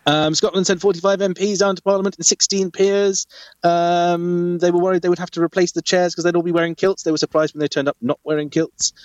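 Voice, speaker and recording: A man co-hosting a comedy podcast, telling history with wry, deadpan asides. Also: high voice, fairly quick, clear, resonant tone, no room sound, dull audio. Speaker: podcast co-host. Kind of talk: comic history storytelling.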